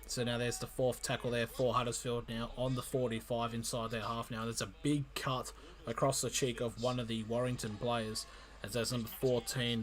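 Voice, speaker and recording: A man calling a rugby league match live for his stream, in an amateur play-by-play style that jumps in excitement and often stumbles and corrects himself. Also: mid-range voice. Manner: excitable, frequent restarts and self-corrections.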